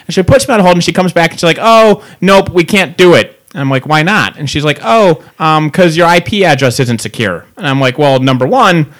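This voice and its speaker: A man's voice: fairly high pitch, fast talker, hardly any pauses. A man telling a long angry story in casual chat, ranting and swearing freely. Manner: ranting, profane, animated. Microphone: pop filter.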